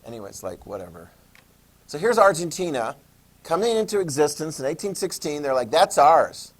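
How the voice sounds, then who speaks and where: A man lectures a history class with a slightly high voice. He jokes, acts out little scenes, and keeps checking in with the students. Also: big pitch swings, moderate pace. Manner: jokey, asks the class questions, "okay?" checks. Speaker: history teacher.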